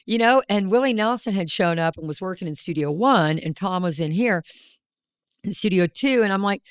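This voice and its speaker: A woman's voice: medium pitch, animated, normal speed, clear, resonant tone, no echo. Candid, salty-tongued woman podcast host. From South Carolina, US. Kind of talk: casual storytelling chat. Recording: dry close-miked studio sound.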